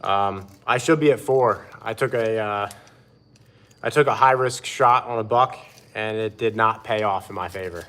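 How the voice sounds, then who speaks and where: A man hosting a live stream outdoors, chatting in a relaxed way and greeting viewers by name. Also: fairly low pitch, moderate pace. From Pennsylvania. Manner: laid-back, answers chat by name. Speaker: livestream host. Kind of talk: casual live-stream chat.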